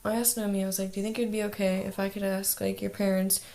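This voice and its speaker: Chatty teen girl with vocal fry. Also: medium pitch, level tone, fast, a little mellow. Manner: chatty, lots of "like" fillers. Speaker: exchange student vlogger. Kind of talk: casual video diary.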